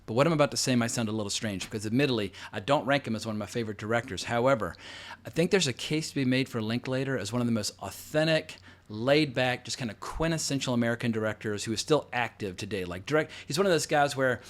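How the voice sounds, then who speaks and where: A man's voice: medium pitch, fast talker. A man in his forties hosting casual film commentary, talking in a rambling, conversational way full of asides. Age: 40s. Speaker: host.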